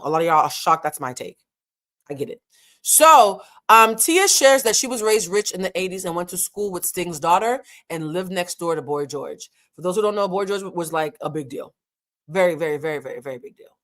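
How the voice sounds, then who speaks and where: A woman's voice: lowish voice, expressive, normal speed, a bit bright. Woman host for a chatty reality TV recap, frank and slangy, talks straight to the viewers. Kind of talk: casual commentary.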